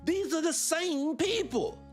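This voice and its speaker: A man's voice: extremely high pitch, slow, faint music behind. A man hosting a live show, talking in a rambling, blunt and profane casual monologue. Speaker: host.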